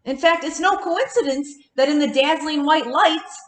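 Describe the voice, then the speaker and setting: A woman minister telling a personal story in a sermon, animated and dramatic, in a church. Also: high-pitched, moderate pace, echoey room, in a large hall. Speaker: children and youth minister preaching. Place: church sanctuary.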